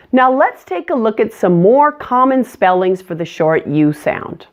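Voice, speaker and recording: Slow, lively-voiced woman teaching pronunciation. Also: medium pitch. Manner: clear, deliberate modeling of words. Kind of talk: scripted pronunciation lesson.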